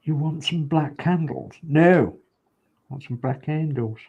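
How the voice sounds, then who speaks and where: A man's voice: a little high, unhurried, vocal fry, breathy edge, dull audio. A man chats casually and mutters encouragement to himself while painting a scale model at home. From United Kingdom. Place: home hobby room.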